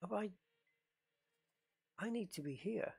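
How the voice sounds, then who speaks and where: Streaming a game from his home desk, a middle-aged northeast English man gives casual, rambling commentary, frequently interrupting himself. His voice sits high with lively intonation, vocal fry, and a darkish tone, delivered slowly over slight background noise.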